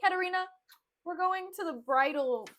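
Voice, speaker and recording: A woman's voice: very high voice, normal speed, pitched above the performer's own voice. A woman voicing a hot-tempered newly married nobleman in casual modern slang, snapping at servants and cooing at his bride. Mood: blustery. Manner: casual modern slang, yelling then sugary.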